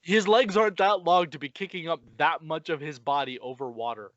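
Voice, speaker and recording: A man's voice: a little high, a little fast, dry recording. A man on a casual podcast, with a voice sitting a little above the usual male range. He retells movie scenes with cursing and jokes. The recording is dry and a bit dull. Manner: profane, animated retelling with laughs. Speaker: podcast co-host. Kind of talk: casual chat.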